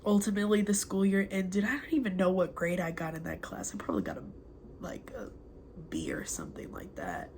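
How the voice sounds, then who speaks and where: A young woman slowly reading out a heartfelt spoken letter to a former mentor at home, halting and reflective, with many pauses. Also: fairly low pitch, very animated, darkish tone, a little hiss or hum. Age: young adult. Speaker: former student addressing a mentor.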